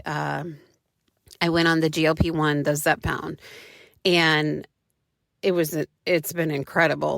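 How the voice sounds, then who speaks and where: A woman's voice: low-pitched, gravelly, fairly bright tone, no echo, studio quality. A woman, likely in her thirties, hosting a podcast and telling a personal story in a frank, chatty way, with many fillers and casual swearing. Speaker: podcast host.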